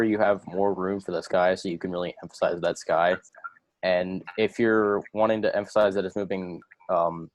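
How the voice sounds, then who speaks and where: Male student, very low voice, dry close sound, video call, thinking aloud. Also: dry recording, rough recording. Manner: answers thoughtfully, with fillers.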